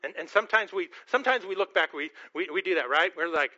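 A man's voice: high voice, lively intonation, quick pace, bright, forceful tone, lo-fi sound. A man preaching a sermon as pastor, earnest, often repeating and restarting his words.

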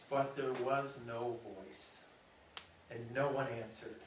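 A man's voice: medium pitch, normal speed, a little hiss or hum. A man preaching a sermon, reading scripture aloud with jokey asides, restarting phrases and repeating words. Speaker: pastor. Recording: roomy, distant, dull-sounding sanctuary audio.

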